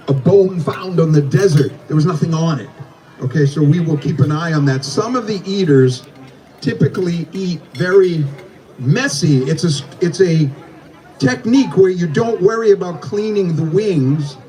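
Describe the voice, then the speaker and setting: A man emceeing a live eating contest, with theatrical, hyped commentary and countdowns that he shouts out. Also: a little high, moderate pace. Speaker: contest announcer. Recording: distant outdoor PA with crowd and music.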